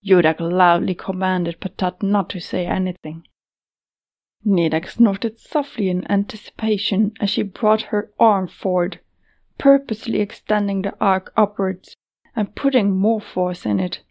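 Woman narrator, measured fantasy storytelling, slow pace with vocal fry. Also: mid-range voice, steady tone, darkish tone. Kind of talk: audiobook narration.

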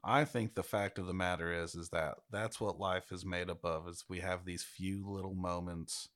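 A man with a fairly low voice in relaxed conversation, earnest and heartfelt. He leans on filler words and drops the odd curse word as he talks. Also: moderate pace. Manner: earnest, casual swearing, many "like"s. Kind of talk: casual chat.

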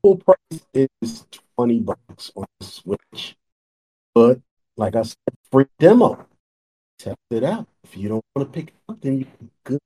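A man co-hosting a casual podcast, enthusiastically pitching game deals and repeating himself, heard over choppy online call audio. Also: very animated, a little slow, warm tone, breathy edge.

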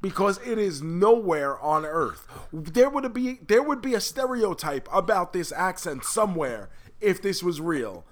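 A man co-hosting a casual pop culture podcast, animated, swearing freely and exaggerating for laughs. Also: high voice, measured pace, few pauses. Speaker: podcast co-host.

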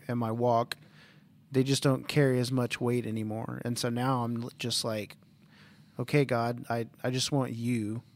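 Male co-host, mid pitch, halting and searching delivery in casual faith chat. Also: darkish tone. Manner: hesitant, searching, repeats words. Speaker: podcast co-host.

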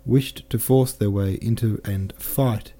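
A man narrates a classic novel in a measured, careful reading, pausing to correct the odd slip. His voice is low and strikingly dark and mellow. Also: fairly even intonation. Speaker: audiobook narrator.

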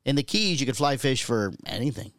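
A man co-hosting a podcast, trading quick jokes in casual banter. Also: medium pitch, sing-song, a bit bright, no room sound, studio quality. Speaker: podcast co-host. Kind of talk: casual chat.

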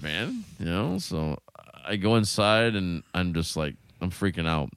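A man's voice: low-pitched, a little slow, smooth. A man casually telling a long story, swearing freely and acting out what each person said. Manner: animated, profane, acts out quotes.

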